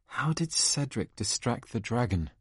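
A man's voice: medium pitch, very animated, a little slow, breathy edge, no echo, clean studio sound. A man reading an overeager teen wizard. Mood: fussy. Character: nervous overeager teenage boy wizard.

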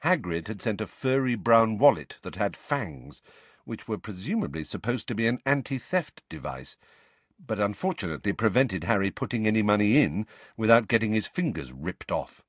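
A man narrates a storybook in a lowish voice, telling it with animated, expressive storytelling. His pitch rises and falls a great deal. The recording is dry and close, with no room sound. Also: moderate pace, no room sound. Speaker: audiobook narrator. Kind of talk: scripted narration.

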